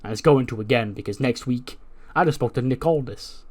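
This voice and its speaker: A brash male wrestler, as a man puts him on, boasting and mocking as he talks, in a voice of middling pitch. The delivery jumps in loudness and lands hard on its brags. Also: a little fast, lightly acted. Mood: boastful.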